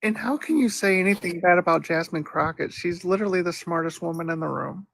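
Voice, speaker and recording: A high-voiced man pushing back calmly. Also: brisk, vocal fry, a little hiss or hum, poor audio. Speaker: panelist. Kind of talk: casual live-stream debate.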